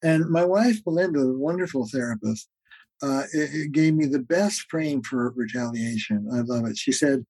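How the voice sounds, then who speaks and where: A man's voice: medium pitch, normal speed, a little mellow, slightly rough, dry recording, low-quality recording. A man who is a therapist and author, a guest on a podcast interview. He explains ideas in an earnest, teaching way with many "uh" fillers and acts out quoted arguments.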